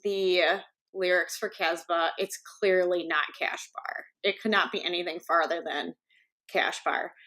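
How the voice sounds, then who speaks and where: Animated Midwestern woman telling stories. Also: on the low side, unhurried. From Wisconsin. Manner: storytelling, animated, laughs at her own stories. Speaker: co-host. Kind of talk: casual chat on a livestream.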